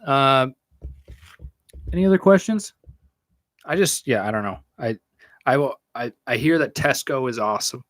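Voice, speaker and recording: A young man hosting a podcast, answering chat questions in a rambling, halting, profane way and laughing often. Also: medium pitch, fairly bright tone, no echo. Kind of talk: casual live Q&A chat.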